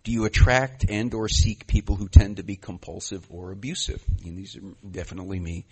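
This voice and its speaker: Man, husky voice, recovery meeting share, rambling with fillers, self-deprecating, bursts of loudness. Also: fairly low pitch, fairly even intonation, a little fast. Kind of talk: personal share, conversational storytelling.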